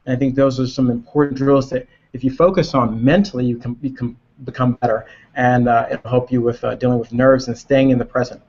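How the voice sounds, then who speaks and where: Man, tennis coach, gravelly voice, explains step by step, casual webinar talk, muffled lo-fi audio. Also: mid-range voice, steady tone, darkish tone. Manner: explains step by step, pausing to find words.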